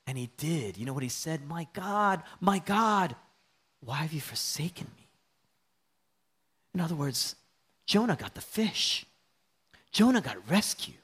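Male pastor, lively sermon delivery with wide pitch swings, fairly high voice, dips into hushed near-whispers. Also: moderate pace. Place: church sanctuary.

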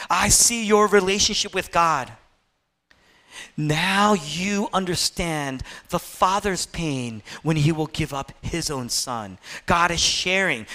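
A man preaching a sermon, impassioned, swinging from loud emphatic peaks to hushed low passages.

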